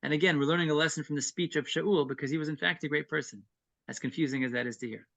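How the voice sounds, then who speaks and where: Male scripture teacher with a bright, forceful tone who explains verse by verse. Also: on the high side, fast talker, vocal fry. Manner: reads Hebrew verses then explains them; earnest and explanatory, with brief chuckles. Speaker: Torah class teacher. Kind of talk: evening text-study class.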